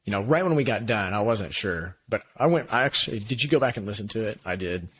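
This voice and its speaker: Laughing, quick-talking male podcast co-host. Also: lowish voice, animated, fairly bright tone, slight background noise. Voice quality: nasally when recorded, by his own account. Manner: upbeat, laughs often, talks in quick bursts. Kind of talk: casual chat.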